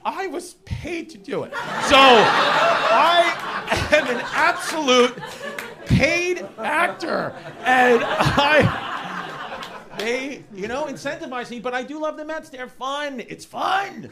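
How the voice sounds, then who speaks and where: A man with a New York accent doing a loud, rambling stand-up set in a live club. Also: extremely high pitch, lively intonation, noisy background. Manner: loud, rapid, rambling rants with frequent laughs. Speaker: stand-up comedian. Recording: live club with crowd behind. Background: laughing audience.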